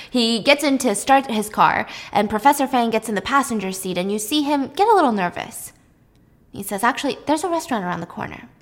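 Chatty woman recapping a film. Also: medium pitch. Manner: chatty, laughs often, uses 'like'. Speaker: host. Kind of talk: casual movie recap while baking.

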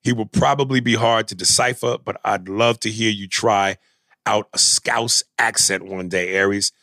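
Bright-voiced animated podcast host. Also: male voice, fairly low pitch, normal speed, no echo. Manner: animated, argumentative, reads listener messages aloud. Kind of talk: casual chat.

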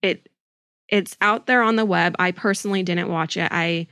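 An earnest woman hosts a true-crime podcast and lays out each point with deliberate emphasis. Her voice has a gravelly texture. The recording is close and dry. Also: fairly low pitch, sharp tone, dry recording. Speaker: podcast host.

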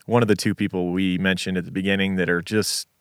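Laid-back low-voiced male podcaster. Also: flat delivery, fast talker, clear, resonant tone, no room sound, clean studio sound. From Las Vegas. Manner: laid-back, swears casually, tells the case story. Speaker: true crime podcast co-host. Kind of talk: casual chat and case narration.

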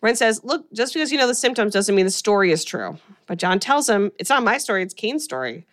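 This podcast host's voice is medium-pitched with lively intonation and a brisk pace. She recaps a horror movie in relaxed conversation, laughing a lot as she retells its scenes.

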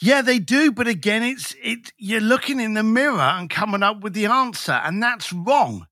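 A man's voice: high voice, expressive, moderate pace, pushed and bright, no echo, clean studio sound. A man, a business coach talking bluntly and emphatically as a podcast guest. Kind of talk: podcast conversation.

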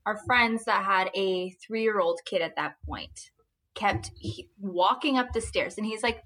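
A mother, a guest on a podcast, tells stories in a casual chat. Her voice is mid-pitched, and she talks in an animated, chatty way full of filler words. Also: a little slow.

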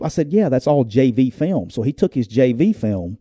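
A man's voice: mid-range voice, a little fast, no room sound, clean studio sound. A middle-aged man, a former football coach, co-hosting a casual show and telling stories, acting out the people he quotes. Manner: animated, acts out quoted voices, laughs while telling stories. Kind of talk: casual storytelling chat.

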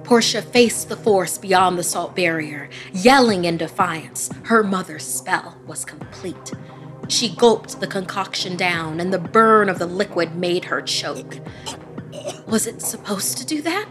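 A woman giving scripted, dramatic narration of a horror story, dropping to a hush in tense moments. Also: fairly low pitch, unhurried, faint music behind.

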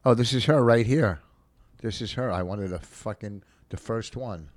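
A man's voice: lowish voice, normal speed. A man co-hosting a podcast, telling a rambling story full of curses and indignation. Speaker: podcast co-host. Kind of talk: casual storytelling chat.

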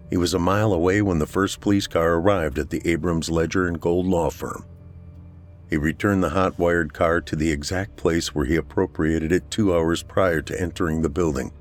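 Brief: male narrator, very deep voice, unhurried scripted storytelling, faint music underneath. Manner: slow, steady storytelling delivery.

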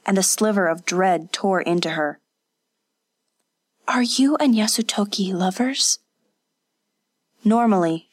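A woman narrating an audiobook in a measured, unhurried manner. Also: fairly low pitch.

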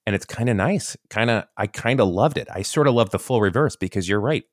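Podcast co-host, male, very low voice, dry close mic, rambling chatty storyteller. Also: a little fast, hardly any pauses, dry recording. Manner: rambling, animated storytelling with frequent restarts. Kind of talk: casual chat.

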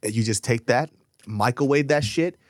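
A man's voice: mid-range voice, normal speed, dry recording, clean studio sound. A man co-hosting a podcast, chatting casually and laid-back, with loose slang and frequent swearing. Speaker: podcast co-host. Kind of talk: casual chat.

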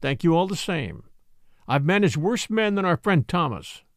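A quiet, steely man who never raises his voice, as a male reader plays him. Measured and firm, with a dry, close sound. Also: high voice, sing-song, no room sound. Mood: calm. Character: calm, steely man, quiet but hard.

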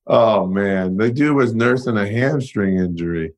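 Laid-back, low-voiced young man talking casually. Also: a little hiss or hum. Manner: loose, profane, full of "you know" and "like". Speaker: guest, pro basketball player. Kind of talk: casual interview chat.

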